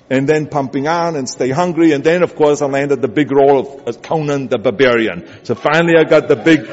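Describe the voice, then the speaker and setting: A man's voice: on the high side, darkish tone. Emphatic German-accented man in a hall. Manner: emphatic, repetitive, urging. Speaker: motivational speaker. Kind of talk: motivational speech. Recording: dull audio with long hall reverb. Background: music bed.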